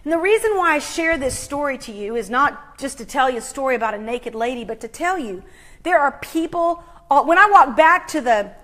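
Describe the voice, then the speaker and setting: A middle-aged woman hosting a motivational talk, telling a story with dramatic swings from hushed to loud. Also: high voice. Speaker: host.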